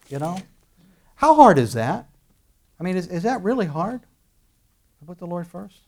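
A man's voice: a little high, sing-song, moderate pace, long pauses, darkish tone. A middle-aged man preaching a sermon as pastor, conversational and full of restarts, rising to bursts of emphasis.

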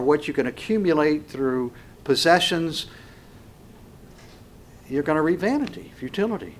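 A man preaching a sermon slowly and emphatically, swinging between loud passages and hushed ones. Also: fairly high pitch, lively intonation.

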